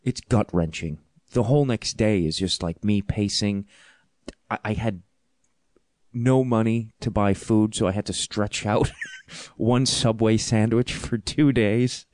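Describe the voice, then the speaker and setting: A male podcast host tells a comic story with animated, self-deprecating energy and frequent laughter. His voice sits on the low side. The sound is dry and close. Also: measured pace, no room sound.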